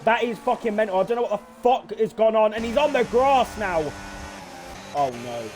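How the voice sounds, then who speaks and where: A man giving excitable, swear-filled live commentary on a sim race, often laughing in disbelief. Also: sits high, normal speed, a little hiss or hum.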